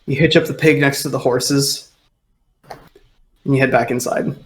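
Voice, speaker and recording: A man's voice: medium pitch, steady tone, unhurried, background noise. A man running a tabletop game as game master, narrating loosely with lots of "like" and "sort of".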